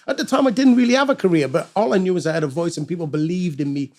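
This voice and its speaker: A man's voice: fairly high pitch, rapid-fire, hardly any pauses, a little mellow. A middle-aged man, telling a story as a guest in a casual interview, swearing freely and acting out the voices of the people he quotes. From Wales. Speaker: guest musician.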